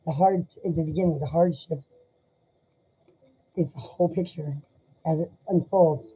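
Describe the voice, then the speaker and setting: A woman doing a live tarot reading, speaking in an emotional, sympathetic and halting way. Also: low voice, steady tone, breathy edge. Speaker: tarot reader. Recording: dull lo-fi sound.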